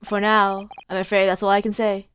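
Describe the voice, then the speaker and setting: A woman voicing a pompous, theatrical gentleman detective in a game, reading his lines in a grand, formal manner. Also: mid-range voice, flat delivery, a little fast, a little hiss or hum, voice pushed down, close to an everyday voice.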